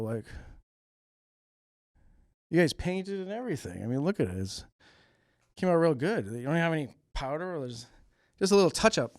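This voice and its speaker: A chatty man hosting a small local comedy show, rambling through his bits with lots of likes and you-knows. His voice sits a bit high, and the studio sound is dry and close. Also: a little mellow, no room sound. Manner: rambling, filler-heavy, chatty. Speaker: host. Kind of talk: comedy monologue.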